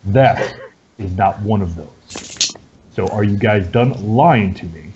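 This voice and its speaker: A man's voice: fairly low pitch, slow pace, background noise. A man voicing a stern middle-aged male barkeeper who questions bluntly and suspiciously. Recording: dull lo-fi recording.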